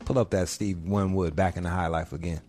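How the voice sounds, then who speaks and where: A man's voice: deep voice, steady tone, fairly quick. Profane, rowdy male radio host. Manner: profane, loud, laughing. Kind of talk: crude comedic radio banter.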